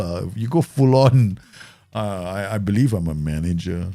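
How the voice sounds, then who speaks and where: A man's voice: deep voice, lively intonation, normal speed, dark tone. A man chatting casually through a live stream of a football management game, laughing often and making playful asides.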